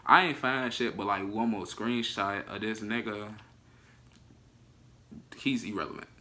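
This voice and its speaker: A man's voice: fairly low pitch, steady tone, measured pace, bright, forceful tone, slight background noise. A young man telling his side of a relationship story in casual, joking vlog chat. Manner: loose, joking, cuts in. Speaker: vlogger, storytelling half of a couple.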